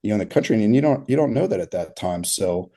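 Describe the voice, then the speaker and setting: He's a turf consultant in his thirties, guesting on a podcast with a lowish, warm voice that's animated and quick. His casual interview stories ramble along, thick with fillers and frequent laughs.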